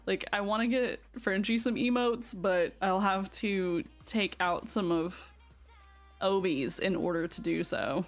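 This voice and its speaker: A woman's voice: mid-range voice, a little slow, faint music behind. Chatty Southern American woman streamer. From Southern United States. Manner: chatty and giggly, greets viewers brightly. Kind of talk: casual chat with live stream viewers while building.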